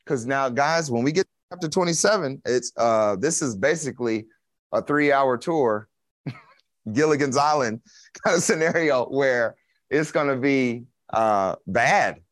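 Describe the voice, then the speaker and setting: A man's voice: mid-range voice, lively intonation, a little slow, dry recording. Folksy preacher man, dry sound. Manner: casual and folksy, with slang and chuckles. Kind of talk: conversational sermon.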